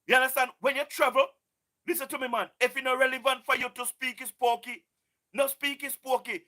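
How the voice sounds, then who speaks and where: Jamaican accent, impassioned live-stream talk, preachy and repetitive, high-pitched voice. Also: fairly even intonation, a little fast, pushed and bright. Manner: repetitive, keeps asking "you understand what I mean"; exhorting, preachy.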